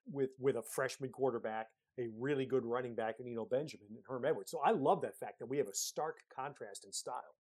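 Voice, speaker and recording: A man's voice: mid-range voice, fairly quick, hardly any pauses, a little mellow, slightly rough. Emphatic man talking college football. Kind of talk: casual sports talk.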